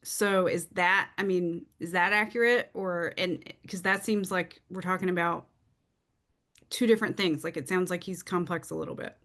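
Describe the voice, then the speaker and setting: A woman interviewing a guest, her voice sitting a little low. She asks her questions in a measured way, working from prepared notes. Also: steady tone, a bit bright.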